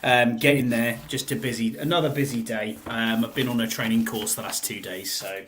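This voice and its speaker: Male podcast host, mid-pitched, easygoing and rambling, casual sports chat. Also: steady tone, normal speed, a bit bright, a little hiss or hum. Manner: rambling and laid-back, with fillers and repeated phrases.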